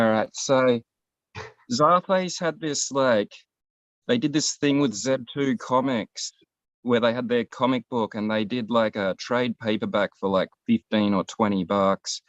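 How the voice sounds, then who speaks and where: A man's voice: fairly low pitch, no echo. A man, co-hosting a casual show and telling a long, rambling, profane story. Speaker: podcast co-host. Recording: dull, lo-fi, dry sound.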